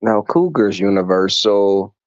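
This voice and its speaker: A man hosting a livestream, telling stories to his viewers in an animated, profane way and acting out the voices in them. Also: lowish voice, measured pace, no room sound, highs cut off. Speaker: livestream host reading chat. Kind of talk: casual storytelling to viewers.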